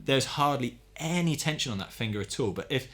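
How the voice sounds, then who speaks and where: A man teaching a hands-on tutorial in a steady, methodical way, talking through each step while he works. His pitch sits in an ordinary middle range. Faint music plays softly behind him. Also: a little fast. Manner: calm, methodical, talks while working. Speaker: drum teacher.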